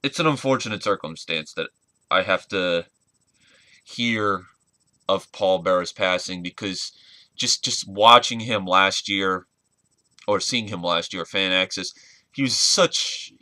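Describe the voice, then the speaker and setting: Young male vlogger, earnest and halting, lowish voice, dry close sound. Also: pushed and bright, dry recording. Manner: earnest, halting, searching for words. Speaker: wrestling fan vlogger. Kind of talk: casual spoken tribute vlog.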